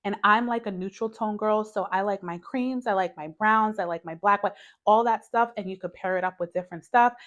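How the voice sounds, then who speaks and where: A young woman at home, talking candidly to camera as a new mother, giving advice in a casual, conversational way and calling the viewer "girl". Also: medium pitch. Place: her home, TV in front of her.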